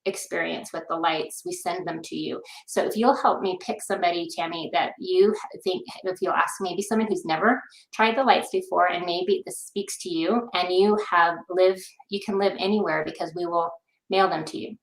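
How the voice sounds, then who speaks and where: A woman's voice: lowish voice, moderate pace, vocal fry, reverberant, poor audio. A woman guest on a video call, talking in an upbeat, rambling way with many fillers. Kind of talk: casual video call pitch.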